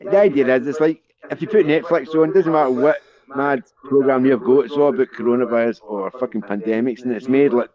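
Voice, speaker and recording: A man's voice: mid-range voice, a little fast. A Scottish man talking in a loose, rambling way, swearing freely as he chats. The sound is dull and muffled, with a busy crowd of people around him. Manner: sweary, rambling joke-teller. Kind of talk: casual street chat.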